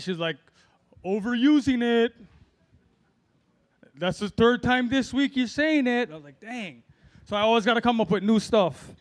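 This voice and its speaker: A middle-aged man from Hawaii, high-pitched with a fairly bright tone, does an amateur open-mic stand-up set. His delivery is loose and rambling, self-deprecating and peppered with fillers.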